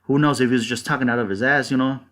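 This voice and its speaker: Male channel host, casual heated rant, profane and blunt, mid-pitched voice, rambling delivery. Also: steady tone, rapid-fire, fairly bright tone. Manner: rambling with frequent fillers. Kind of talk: casual ranting commentary.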